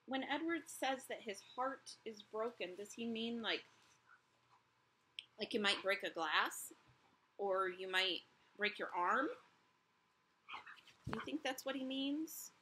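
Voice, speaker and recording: A woman teacher reading a chapter book aloud to her students, gently pausing to ask questions and reflect. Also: mid-range voice, a little hiss or hum, poor audio.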